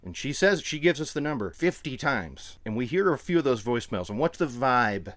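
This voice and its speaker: A man co-hosting a podcast, chatting casually and jokily, breaking into quick impressions. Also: mid-range voice. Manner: animated, jokey, does quick impressions. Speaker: podcast co-host. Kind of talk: casual chat.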